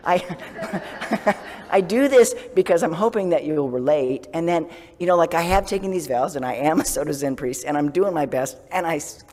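A man's voice: a little high, expressive, moderate pace, big-room sound, a little hiss or hum. Chatty, self-mocking male Zen priest. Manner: self-deprecating, laughs often, drops to a soft whisper for self-talk. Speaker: Zen priest giving a sermon. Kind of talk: casual sermon.

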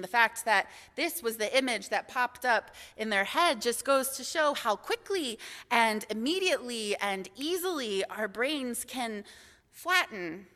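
A woman's voice: fairly high pitch, pushed and bright. A young woman giving a candid, self-deprecating reflection in a service, heard in a reverberant hall. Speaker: assistant minister. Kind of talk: sermon reflection.

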